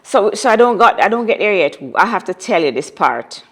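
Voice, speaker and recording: A woman's voice: mid-range voice, big pitch swings, fairly quick. A woman telling a personal story as an interview guest, dramatic and repeating phrases for emphasis.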